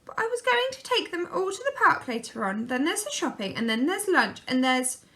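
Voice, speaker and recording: Lady doing a tired polite storybook mum, brightish voice. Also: high-pitched, big pitch swings, moderate pace, pitched above the performer's own voice, heavily acted. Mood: weary. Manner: polite, weary. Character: a tired, gentle mother.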